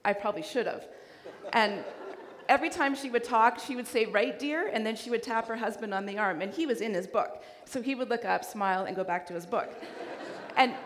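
A woman's voice: on the high side, brisk, a little hiss or hum. Woman preaching in a reverberant church hall. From Canada. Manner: animated storyteller acting out dialogue. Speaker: guest preacher. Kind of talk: storytelling sermon.

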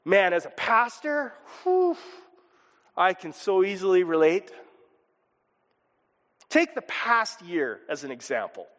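A man preaching a sermon as pastor, animated and expressive, sometimes chuckling and acting out voices. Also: sits high, takes it slowly, pauses often, long reverb tail.

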